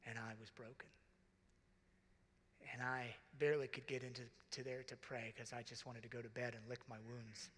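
A middle-aged man, a deacon, preaching earnestly and from the heart at a conference, sometimes dropping to a hush. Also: medium pitch, little pitch movement, normal speed, breathy edge. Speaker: deacon speaking to priests. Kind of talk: conference sermon. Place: large conference hall. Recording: reverberant hall.

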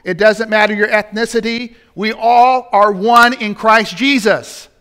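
A man's voice: high-pitched, steady tone, unhurried, pushed and bright, smooth. A man preaching a sermon in a church, building to emphatic points and turning to the congregation with asides. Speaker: pastor. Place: church sanctuary.

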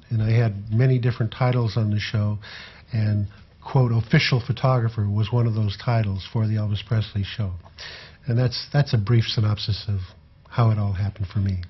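Older man telling stories, husky. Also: on the low side, muffled recording. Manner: relaxed, halting storyteller with fillers. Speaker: former tour manager and photographer. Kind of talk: telling personal anecdotes.

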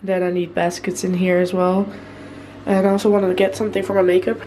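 A woman's voice: on the low side, level tone, fairly quick, warm tone, a little hiss or hum, rough recording. A young woman from the Netherlands, giving a casual, giggly vlog tour of a new apartment, laughing often and swearing freely. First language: Dutch. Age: young adult. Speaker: vlogger.

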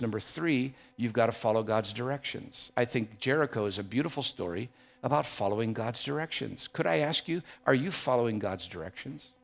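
A man's voice: medium pitch, creaky. A man preaching a sermon as a pastor, emphatic and building to impassioned passages, often repeating words as he builds a point. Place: church.

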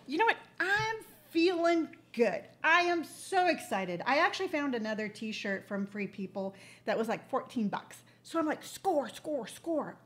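High-voiced chatty woman in her sixties. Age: 60s. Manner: chatty, animated storyteller. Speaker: livestream host. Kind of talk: casual chat.

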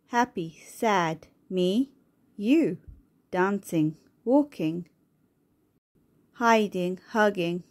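A woman reading a children's first words book aloud, slowly and clearly, one word at a time. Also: mid-range voice, a little mellow.

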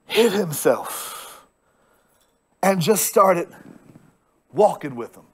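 A man preaching a lively sermon as pastor, conversational and funny, acting out characters and building to shouts. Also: sits high. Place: church sanctuary.

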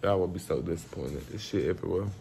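A young man with a deep, fast voice and vocal fry talks casually to a camera on a tripod, with heavy background noise behind him. He's indoors at his apartment, down with food poisoning and a sore, bitten tongue. He swears a lot and addresses viewers directly in an animated, chatty way.

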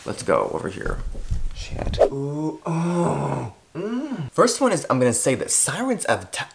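A man's voice: on the high side, very animated, a little slow, vocal fry, noisy background. A man vlogging in a rambling, self-deprecating casual chat, cursing freely as he goes. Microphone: clip-on or desk mic.

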